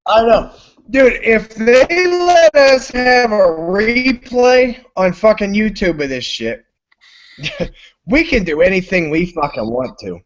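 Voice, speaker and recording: High-voiced intoxicated man, swearing nonstop. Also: big pitch swings, slow pace. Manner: heavy swearing, loose and rambling. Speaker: live stream host. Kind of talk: rambling live-stream chat. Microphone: computer mic on a live stream. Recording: lo-fi online stream audio.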